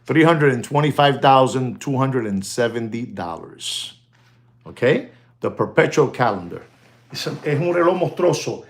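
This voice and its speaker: Excitable man hyping watches. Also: mid-range voice, normal speed. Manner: animated, mixes Spanish exclamations into English, thanks viewers by name. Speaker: watch dealer hosting a live stream. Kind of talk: excited live-stream watch showcase.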